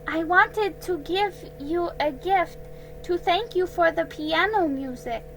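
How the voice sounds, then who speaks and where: A woman's voice: very high-pitched, takes it slowly, a little hiss or hum, voice pushed up, exaggerated voice, rough recording. A woman reading a storybook aloud, voicing a young girl who is heartbroken, furious and close to tears. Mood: shaky, sad. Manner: shouting in anger, then shaky and tearful.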